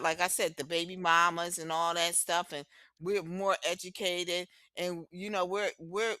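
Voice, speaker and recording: Woman podcast co-host, forceful bright tone, outspoken and profane, dry close mic. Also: lowish voice, clean tone, no room sound. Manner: blunt, profane, emphatic. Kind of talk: casual opinionated chat.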